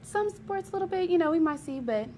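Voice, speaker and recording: A woman's voice: extremely high pitch, expressive, quick pace, mellow, a little hiss or hum. A young woman chatting as a pop culture correspondent, rambling with lots of fillers. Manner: rambling, many fillers like "you know". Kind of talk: casual chat.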